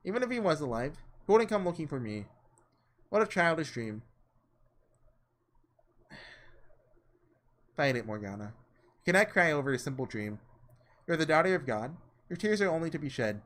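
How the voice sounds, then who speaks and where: A man voicing a sorrowful young woman who was once a saint, read slowly and heavily. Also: a little high, big pitch swings, a bit bright. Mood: despairing. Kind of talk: reading visual novel lines aloud.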